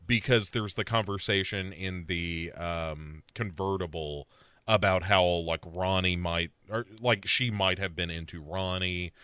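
A man's voice: low voice, measured pace, pushed and bright, smooth, no echo. A man co-hosting a podcast, casually recapping a show and acting out quotes in a rambling, playful way. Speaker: podcast co-host.

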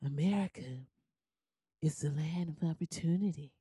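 A woman's voice: deep voice, normal speed, mellow, husky, no room sound, studio quality, voice pushed down. A woman putting on a sleepy, hollow, droning older man's voice in mockery.

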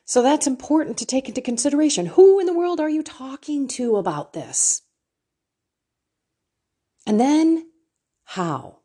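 A woman's voice: high voice, sing-song, unhurried, pauses often, mellow. A middle-aged woman talking candidly and emotionally to an online faith group, with a self-deprecating manner. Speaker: faith and life coach.

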